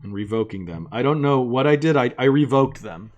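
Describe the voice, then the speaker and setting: A man's voice: mid-range voice, expressive, fairly quick. A man hosting a live coding stream, casually thinking aloud and narrating each step as he works from an attic room.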